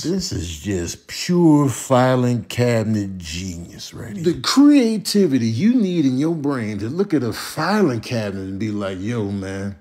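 Animated, husky male comic, rapid absurd riffs, big pitch swings. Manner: playful, rapid absurd riffing in slang. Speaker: comedian commentator. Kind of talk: comedic voiceover commentary.

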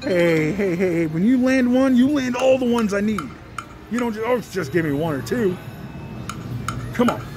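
A slot machine vlogger giving excited live commentary on a casino floor, pleading with the machine over and over. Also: medium pitch, normal speed, background noise. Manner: excitable, pleads with the machine, repeats "come on" and "one more". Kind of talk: excited live commentary while playing slots. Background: jingling slot machine music.

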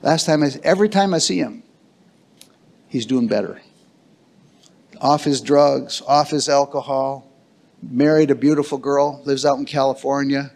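A man's voice: mid-range voice, unhurried, vocal fry, long pauses, darkish tone. A man preaching a sermon as pastor, emphatic and calling for answers from the congregation. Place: church sanctuary.

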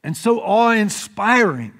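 A man preaching a sermon as pastor, telling the story in an animated way. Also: sits high, unhurried, vocal fry. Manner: animated storytelling preacher, acts out crowd shouts. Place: church sanctuary. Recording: reverberant church hall.

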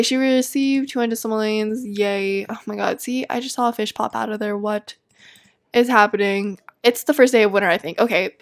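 A young woman giving casual gameplay commentary, chatty and easily exasperated, laughing often. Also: on the high side. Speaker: let's play gamer.

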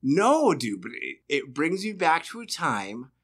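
A man's voice: a little high, very animated, unhurried, fairly bright tone, husky. A man from Massachusetts hosting a casual podcast chat, blunt and profane, firing off rhetorical questions. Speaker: podcast host.

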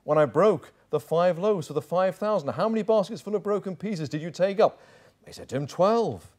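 A male pastor preaching an evening sermon in a chapel, swinging from loud declarations to hushed asides. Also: sits high, moderate pace. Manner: animated preacher, drops to hushed tones for quoted voices.

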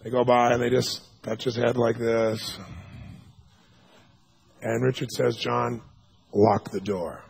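A man giving a seminar talk, telling stories in an animated way and acting out the people he quotes, sometimes with sudden loud shouts. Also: mid-range voice, takes it slowly, vocal fry, pauses often, breathy edge. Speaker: seminar speaker. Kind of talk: storytelling lecture.

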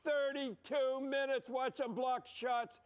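A man's voice: very high-pitched, level tone, takes it slowly. An older man giving blunt, emphatic, rambling hockey commentary over replays, dropping frequent "eh?".

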